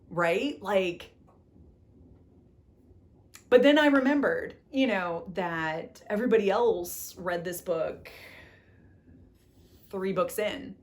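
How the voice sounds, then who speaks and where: A young woman talks through her recent reads in a loose, chatty way at home. She gushes and fumes by turns, circles back to the same phrases, and fills her talk with "like". Her voice sits at an ordinary middle pitch for a woman. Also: animated, takes it slowly, pauses often. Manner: gushing and exasperated, repeats herself, lots of "like". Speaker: book vlogger. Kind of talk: casual book review chat.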